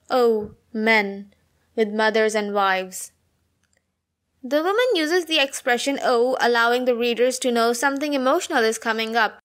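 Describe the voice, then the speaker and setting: A woman reading out an analysis of a poem, slowing down for the quoted lines. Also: a little high. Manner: reads quoted lines slower and softer. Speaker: poetry analysis narrator. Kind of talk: read-aloud literary analysis.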